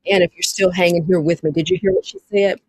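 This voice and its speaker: A woman's voice: fairly low pitch, steady tone, fast, darkish tone, slightly rough, dry recording, rough recording. A woman with a Southern US accent hosting a live-streamed dating talk, reading viewer comments aloud and talking to them directly with lots of repetition. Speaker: livestream host.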